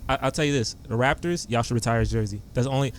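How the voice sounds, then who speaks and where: A young man hosting a podcast, telling sports stories in an excitable, animated way. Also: mid-range voice, rapid-fire, slight background noise. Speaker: podcast host. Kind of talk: casual sports chat.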